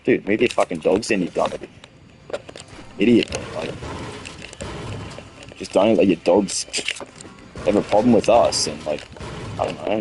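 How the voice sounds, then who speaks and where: A man's voice: lowish voice, a little mellow, slight background noise, low-quality recording. A young man in his late teens with an Australian accent, chatting on a stream, rambling and heated, with lots of restarts and swearing. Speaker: gaming streamer. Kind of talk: casual stream chat.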